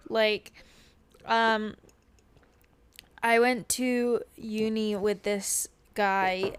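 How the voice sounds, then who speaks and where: A woman's voice: medium pitch, clear, resonant tone. A young woman in casual podcast chat, listening closely and answering with short replies before telling her own story. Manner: attentive listener who backs the talk with short replies. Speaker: podcast co-host.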